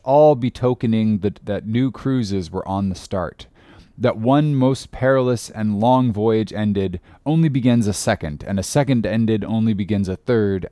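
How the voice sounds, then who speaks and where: A man narrating a classic sea story in an expressive, dramatic reading voice. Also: on the low side, no echo, clean studio sound. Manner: expressive, rising with the action. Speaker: audiobook narrator.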